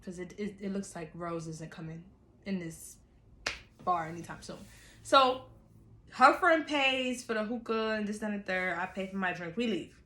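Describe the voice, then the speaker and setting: Woman storyteller, casual vlog, animated and chatty, bright voice in an echoey room. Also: mid-range voice, moderate pace, a little hiss or hum. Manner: animated, chatty, laughs often. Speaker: storyteller vlogger.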